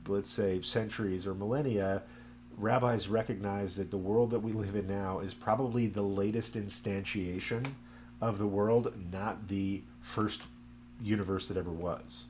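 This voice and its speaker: A man with a lowish voice talks through religious ideas casually, like a stream host chatting with viewers. He jokes often and fills pauses with plenty of ums and uhs. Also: steady tone, a little mellow, slight background noise. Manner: chatty and joking, with frequent fillers. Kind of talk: casual livestream teaching.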